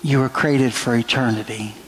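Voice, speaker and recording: A man's voice: mid-range voice, steady tone, normal speed, a bit bright, low-quality recording. A middle-aged man preaching a sermon as pastor in a church, earnest and drawn out. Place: church sanctuary.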